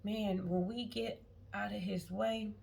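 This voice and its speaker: A woman's voice: mid-range voice, fairly even intonation, takes it slowly, gravelly, a little mellow, a little hiss or hum. A woman vlogger talking about faith to her viewers, emphatic and repeating herself, breaking into prayer as she goes. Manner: emphatic, repeats words, prays aloud mid-talk. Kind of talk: spontaneous faith talk to viewers. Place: on vacation.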